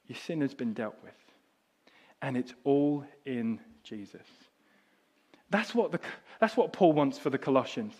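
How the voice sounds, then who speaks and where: A man's voice: lively intonation, a little slow, long pauses, breathy edge. Man preaching a story-filled sermon. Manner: storytelling, shifting from soft and low to loud and high. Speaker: pastor.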